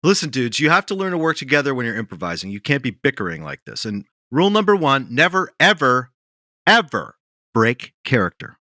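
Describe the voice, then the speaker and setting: A middle-aged man, a comedian guest, giving a bossy, rambling, mock-serious improv lecture with deadpan self-importance. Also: mid-range voice, a little fast, no room sound, studio quality.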